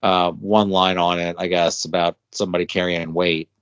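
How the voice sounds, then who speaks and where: A man's voice: sits low, level tone, normal speed, fairly bright tone, clean tone, dry recording. A man co-hosting a podcast, talking about music in a laid-back way, filling his sentences with "like". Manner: laid-back, lots of filler likes. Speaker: podcast co-host. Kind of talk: casual music discussion. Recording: dry, dull lo-fi audio.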